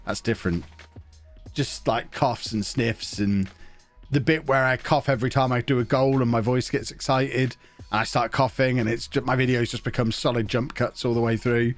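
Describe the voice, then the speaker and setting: A man's voice: mid-range voice, steady tone, normal speed, soft background music. A man with a sniffly, stuffed-up nose, chatting casually and rambling through a live stream while he plays a management game.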